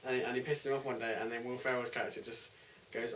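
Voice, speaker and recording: A man's voice: medium pitch, level tone, fast, fairly bright tone, recorded from a distance. An easygoing young man retells a favourite film scene in a casual chat. The room is echoey, the mic sits some way off, and a faint hiss runs underneath. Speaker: co-host.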